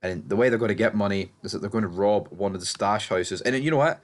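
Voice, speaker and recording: A man's voice: lowish voice, fast. Rambling man recapping a show. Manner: rambling, blunt, swears freely, lots of fillers and restarts. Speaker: TV show reviewer. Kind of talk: casual recap commentary.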